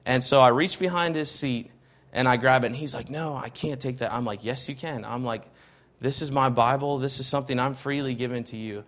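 A man giving a personal testimony in casual spoken storytelling. He acts out the quoted dialogue, often dropping softer for the quotes, and keeps a chatty flow built on "I'm like". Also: mid-range voice, fairly quick. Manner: conversational, many fillers and restarts like "I'm like".

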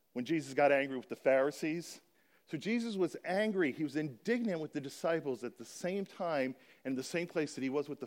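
A man with a mid-range voice addresses a church congregation about a children's charity. He explains earnestly and reads scripture aloud slowly.

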